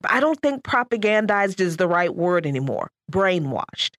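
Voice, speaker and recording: A woman co-hosting a political talk radio show, speaking in an animated, emphatic way and often laughing while she talks. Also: fairly low pitch, normal speed, dry recording.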